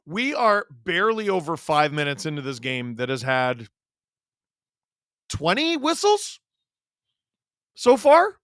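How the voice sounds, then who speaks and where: A man hosting a live watch-along, calling the game play-by-play in an excited way and breaking into shouts on big plays. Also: on the high side, slow, pauses often, no room sound, clean studio sound.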